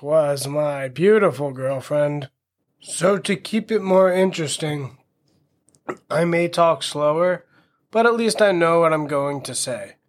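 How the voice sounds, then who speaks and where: A man's voice: on the high side, a bit bright. A man of around thirty hosting a casual solo podcast, talking in a wry, self-mocking way with crude jokes. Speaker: podcast host.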